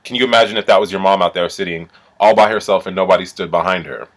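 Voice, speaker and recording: A man's voice: low-pitched, quick pace. Profane, ranting male vlogger. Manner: animated, profane, swings from mumbling to indignant outbursts. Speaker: reality TV recap vlogger. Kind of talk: casual ranting recap.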